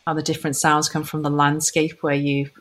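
A woman with a notably low voice speaks as a podcast guest. She is earnest and thoughtful, pausing with small fillers as she works through her points. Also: little pitch movement. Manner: earnest, thoughtful, slightly hesitant. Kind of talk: conversational interview.

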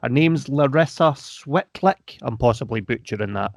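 A Scottish man talking in an easy, casual chat, tossing in wry jokes and laughing readily. His voice sits at an everyday middle pitch. The sound is dry and close, with no room around it. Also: lively intonation, normal speed, no room sound. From Scotland. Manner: wry, joking asides, laughs easily.

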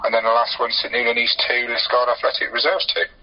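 A man giving a casual local football report on the radio, unhurried and hesitant with frequent ums. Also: mid-range voice, little pitch movement. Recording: dull phone-line sound.

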